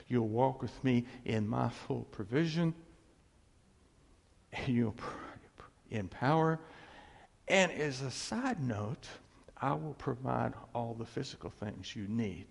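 Man, pastor, lively sermon, laughs often, hushed key lines, husky voice. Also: mid-range voice, slow. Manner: animated, laughs often, drops to a hush on key phrases. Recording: long hall reverb.

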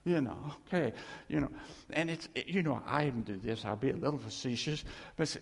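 A man preaching an informal sermon, animated and self-deprecating, with rambling asides. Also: mid-range voice, fairly quick, gravelly, slightly rough, long reverb tail.

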